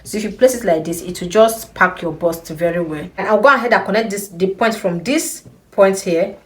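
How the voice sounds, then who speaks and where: A young woman giving a patient step-by-step sewing tutorial, repeating key points and checking in with the viewer. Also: medium pitch. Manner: slow, patient, repeats instructions with frequent "okay?". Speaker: sewing instructor.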